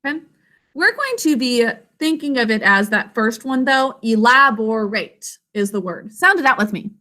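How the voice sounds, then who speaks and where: A woman's voice: sits high, big pitch swings, bright, forceful tone. A woman teaching an online literacy lesson over a video call, sounding words out carefully syllable by syllable. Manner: slow, careful syllable-by-syllable enunciation.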